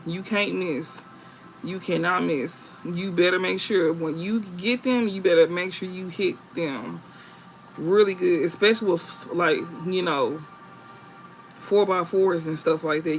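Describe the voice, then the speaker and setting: High, gravelly-voiced man reading tarot. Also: rough recording. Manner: blunt, profane, laughs often; emphatic repetition. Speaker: tarot reader.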